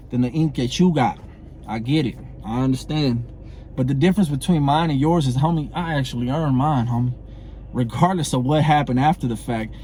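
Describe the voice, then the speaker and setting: A man's voice: fairly high pitch, warm tone, a little hiss or hum. A middle-aged man, delivering a blunt, profane, confrontational monologue to camera and repeating himself for emphasis. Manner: heated, blunt, profane, repeats phrases and asks "you know what I'm saying". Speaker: former prison inmate calling out a comedian.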